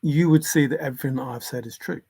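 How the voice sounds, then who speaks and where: A man's voice: mid-range voice, quick pace, dark tone, slightly rough. A man hosting a casual livestream, talking earnestly and insistently about religion and reading viewer comments aloud. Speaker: livestream host.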